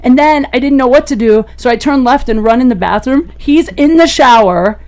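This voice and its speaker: A woman comedian, a podcast guest, telling a raunchy personal story in an animated way and laughing as she goes. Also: moderate pace. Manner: animated, gets loud and high-pitched as the story peaks; laughs through her own story.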